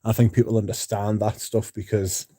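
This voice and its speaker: Reading and answering comments from viewers, this livestream host is blunt and profane in a casual setting. His low, level voice has a warm tone and moderate pace, captured at studio quality with no room sound.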